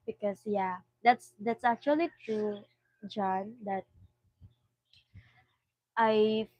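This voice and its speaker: A woman's voice: mid-range voice, no echo, highs cut off. A woman in a casual emotional conversation on a live stream, giggly and tearful, laughing between her answers.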